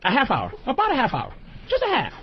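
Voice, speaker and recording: A man hosting a radio show, loudly ranting and shouting down a guest in a heated on-air argument, full of swearing. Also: very high voice, wildly swooping pitch, fast, slight background noise. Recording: dull lo-fi played-back show clip.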